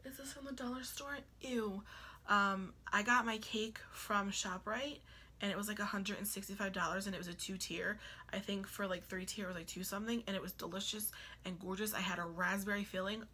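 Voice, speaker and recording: A young woman talks casually to her camera, rambling from one point to the next. Her voice is bright with a slightly husky, breathy edge, and she keeps slipping into whispered asides. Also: mid-range voice, fairly even intonation, a little fast. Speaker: vlogger. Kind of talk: casual chat.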